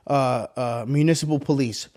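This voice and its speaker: A man co-hosting a podcast, telling a long story in a casual, profane, animated way. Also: mid-range voice, moderate pace. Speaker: podcast co-host.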